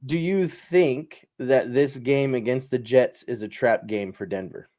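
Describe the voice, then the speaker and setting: A man's voice: mid-range voice, unhurried, mellow. A man co-hosting a casual sports talk show, cracking jokes and putting questions to his partner. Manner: wisecracking, asks questions, laughs often. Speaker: podcast co-host.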